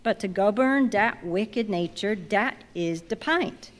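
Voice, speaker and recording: A woman voicing a grumbling ninety-year-old male ship's cook who preaches in a slow, drawling dialect. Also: mid-range voice, expressive. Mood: preaching. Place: large museum reading hall. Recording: long reverb in a big hall.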